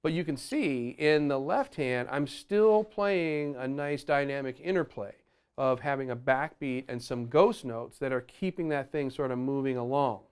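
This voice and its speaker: A man teaching a drum lesson, explaining dynamics in a relaxed way and sometimes scatting phrases, with drums playing behind him. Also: medium pitch, normal speed, clean tone. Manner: explains while playing, counts beats aloud loudly over drums; scats horn phrases to show accents. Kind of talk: instructional lesson. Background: drum kit playing.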